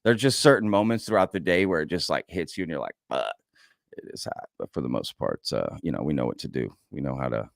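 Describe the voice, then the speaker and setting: A man's voice: very deep voice, lively intonation, quick pace, creaky, hardly any pauses, no room sound, studio quality. A man with an American accent hosting a casual livestream, chatting loosely and reading out viewers' comments. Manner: chatty, reads out viewer comments, says "y'all". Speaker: livestream host.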